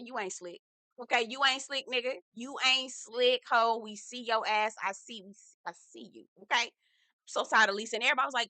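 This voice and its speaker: A woman's voice: fairly high pitch, dry recording. Sassy, profane woman recapping reality TV. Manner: animated, acts out quotes. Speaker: reality TV reviewer. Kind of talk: casual recap vlog.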